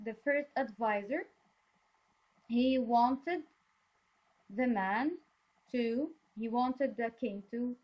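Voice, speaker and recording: Slow, patient woman teaching young learners. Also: a little high, darkish tone. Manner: slow, patient, praising and explaining words. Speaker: English teacher. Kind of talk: reading a story aloud for a class.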